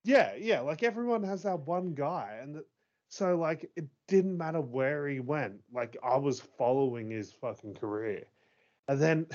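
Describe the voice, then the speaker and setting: Excitable swearing man on a dull recording. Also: fairly high pitch, a little slow. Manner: excitable, swears freely, laughs often. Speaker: podcast co-host. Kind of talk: casual chat. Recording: dull lo-fi sound.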